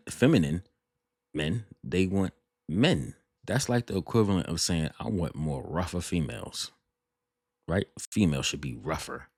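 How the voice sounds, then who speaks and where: A man's voice: deep voice, a little mellow, no echo, studio quality. A man giving blunt, sarcastic reaction commentary, rambling with many restarts and "right?" asides. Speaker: reaction video host.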